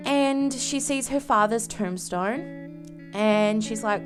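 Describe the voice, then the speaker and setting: Woman, game video narrator, dramatic storytelling, fairly high voice, faint guitar music. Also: slow pace. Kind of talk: story narration over gameplay.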